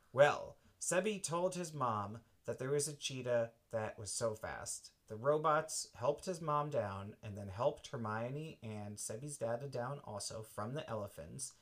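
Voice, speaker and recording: Slow gentle storytelling man. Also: medium pitch. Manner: slow, gentle, makes it up as he goes. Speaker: parent telling a bedtime story. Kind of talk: improvised bedtime storytelling.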